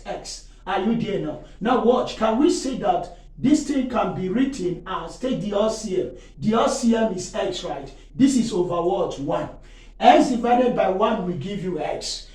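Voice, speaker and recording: A man with a high voice teaches calculus, stopping again and again to quiz his listeners with "what?" and to ask if they are still there. He sounds far from the mic, in a very echoey room that rings around every phrase. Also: a little mellow. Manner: quizzing listeners with leading "what?" prompts; checks in often and exclaims to himself. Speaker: maths teacher. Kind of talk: classroom-style maths lesson.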